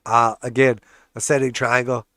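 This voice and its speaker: A man's voice: medium pitch, flat delivery, normal speed, pushed and bright, no echo, studio quality. Stuffed-up man streaming trading charts. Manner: casual, joking, hype-man cheering on charts. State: congested, stuffed-up nose. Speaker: trading channel host. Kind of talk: live stream chart commentary.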